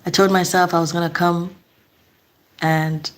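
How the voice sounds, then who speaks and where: A woman's voice: on the low side, little pitch movement, measured pace. A young woman from Nigeria chatting casually with her live-stream audience, laughing often and repeating herself.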